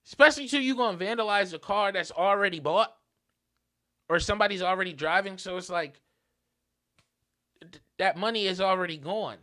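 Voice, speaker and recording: A young man hosting a podcast, telling a story in an animated, profane, casual rant. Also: high-pitched. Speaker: podcast host.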